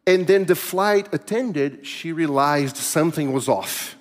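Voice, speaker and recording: High-voiced preacher in an echoing hall. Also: male voice, unhurried. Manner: animated, self-mocking, laughing storyteller. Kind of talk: sermon with a personal story. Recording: long reverb of a large hall.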